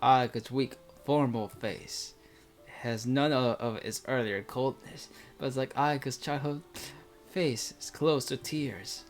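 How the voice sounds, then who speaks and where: A man's voice: mid-range voice, slow pace, soft background music. Rambling man reading a visual novel. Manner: rambling, full of fillers. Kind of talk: reading a visual novel aloud with casual commentary.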